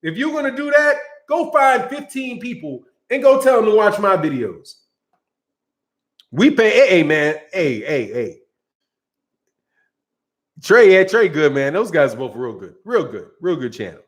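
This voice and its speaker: A man with a high-pitched voice hosts a boxing live stream. He talks loosely and jokes with his viewers, reading their chat and answering it on the spot. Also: very animated, unhurried, long pauses. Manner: loose, joking, talks straight to chat, frequent laughs. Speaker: boxing channel host.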